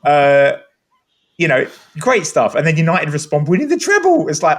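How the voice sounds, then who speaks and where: A man's voice: fairly high pitch, sing-song, normal speed. A man talking football on a podcast in a rambling, enthusiastic, casual way. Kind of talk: animated casual chat.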